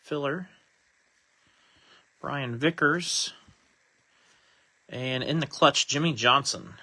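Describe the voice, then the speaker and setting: A man's voice: mid-range voice, takes it slowly, sharp tone. A man hosting a live trading-card break, casually chatting while he reads out each card he pulls.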